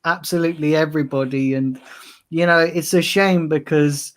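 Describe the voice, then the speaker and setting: A man's voice: fairly high pitch, steady tone, normal speed. A man talking in a casual tribute chat, hesitant and heartfelt, with many restarts. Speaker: regular on fan channel stream.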